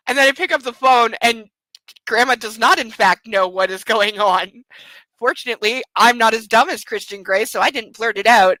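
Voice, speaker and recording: A woman's voice: fairly high pitch, moderate pace, bright, forceful tone, no echo, poor audio. A woman reading a novel aloud for a comic book club, breaking off into sarcastic, profane commentary.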